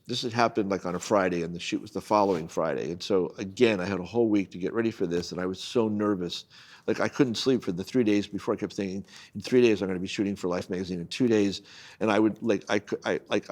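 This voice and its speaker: A man's voice: on the low side, fast talker. An older man, a guest photojournalist, telling a long personal anecdote in casual conversation and acting out the people in it. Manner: animated anecdote-telling, acts out quoted people.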